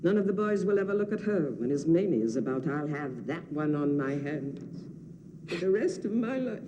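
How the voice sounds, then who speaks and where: A fretful old nursemaid. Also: female voice, sits low, normal speed, big-room sound, lo-fi sound, noisy background. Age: older. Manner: scolding, fretful, lively sing-song. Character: fussy old nurse, scolding yet doting. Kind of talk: film drama acting.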